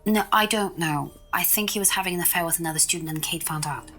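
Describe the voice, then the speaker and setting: A woman's voice: fairly low pitch, over music, close to an everyday voice. A woman playing a nervous student. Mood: defensive. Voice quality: hesitant, halting, full of ums. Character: nervous young female student suspect. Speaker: murder suspect.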